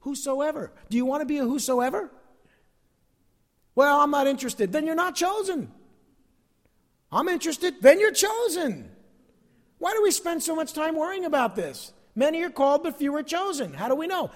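A male pastor preaching a sermon, asking the congregation questions and calling out "amen?". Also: high voice. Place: church service. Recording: long hall reverb.

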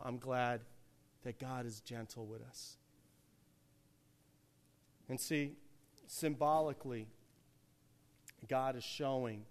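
A man preaching a sermon, swinging from hushed, quiet passages to loud, emphatic peaks. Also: mid-range voice.

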